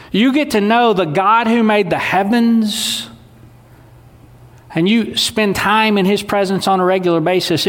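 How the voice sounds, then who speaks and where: A man's voice: sits high, fairly bright tone. A man, preaching a sermon in a conversational, folksy way. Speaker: pastor. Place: church sanctuary. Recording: long hall reverb.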